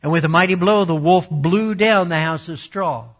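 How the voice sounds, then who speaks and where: A man reading a children's story aloud slowly and deliberately, and then teaching a Bible lesson. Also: on the high side. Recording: dull lo-fi recording.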